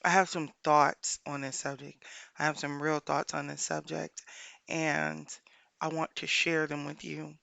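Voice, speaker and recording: A woman life coach hosting a solo podcast, speaking earnestly and repeating her points for emphasis, pausing often to think aloud. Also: deep voice, flat delivery, gravelly, bright, forceful tone, no room sound.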